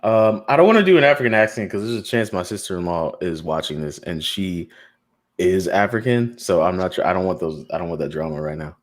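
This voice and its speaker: Guy hosting a podcast, goofing around doing listener shout-outs, lowish voice. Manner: joking, playful, drawn-out shout-outs. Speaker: podcast co-host. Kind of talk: casual live podcast banter.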